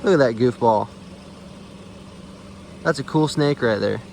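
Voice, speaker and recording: A man's voice: mid-range voice, unhurried, creaky, a little mellow, slight background noise. A man casually narrating as he finds snakes on a rural road at night, chatty and easygoing. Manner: easygoing, chatty, fond of the animals. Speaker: field herping vlogger.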